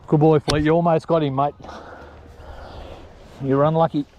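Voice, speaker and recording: A man's voice: on the high side, quick pace, highs cut off, noisy background. Man chatting outdoors. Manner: chatty, talks to his dogs and ferrets, excited calls. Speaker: ferreting vlogger. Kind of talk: casual outdoor commentary. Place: outdoors in open country.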